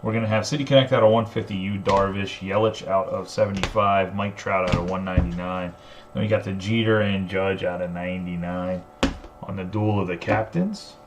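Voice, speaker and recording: A man's voice: deep voice, fairly even intonation, brisk, background noise. A man hosting a live card break, casually rattling off card names and serial numbers.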